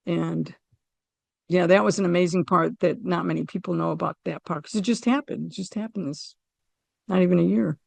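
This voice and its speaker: A middle-aged woman recounting a personal near-death and family story in an interview, earnest and animated, acting out the dialogue. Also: lowish voice, fairly quick, creaky, no room sound. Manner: vivid, emotional retelling of a family loss. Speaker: guest sharing a near-death experience.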